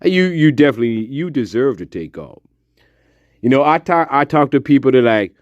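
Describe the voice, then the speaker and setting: A man's voice: medium pitch, expressive, moderate pace, dry recording, muffled recording. A man hosting a casual livestream, talking to his viewers in a profane, emphatic pep talk. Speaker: livestream host.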